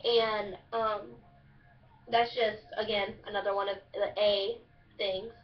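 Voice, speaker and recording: A woman's voice: mid-range voice, level tone, slow pace. Chatty young woman, muffled and distant. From Southern Illinois. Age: young adult. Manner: casual, chatty, many fillers and restarts. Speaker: student presenter. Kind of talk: class project explanation.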